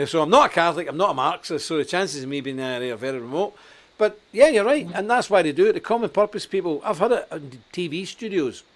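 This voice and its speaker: A man's voice: fairly high pitch, big pitch swings, quick pace. A man from Scotland hosting a political talk show, blunt and emphatic, laughing at his own stories.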